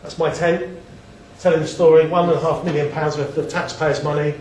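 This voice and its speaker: A man's voice: fairly high pitch, flat delivery, a little fast, a little mellow, a little hiss or hum. A man giving a casual slide talk, chatty and self-deprecating, often restarting his sentences. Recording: echoey room, mic at a distance.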